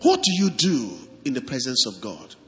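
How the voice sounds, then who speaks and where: A man preaching a sermon as pastor, animated and asking the congregation questions. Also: medium pitch, normal speed, long reverb tail, soft background music.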